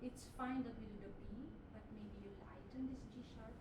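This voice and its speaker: High-voiced woman coaching in a hall. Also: fairly even intonation, fairly quick, background noise. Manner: coaches patiently, sings short phrases to demonstrate. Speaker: voice teacher leading a masterclass. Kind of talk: coaching a singer in a masterclass. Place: performance hall. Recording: roomy hall, mic far off, piano.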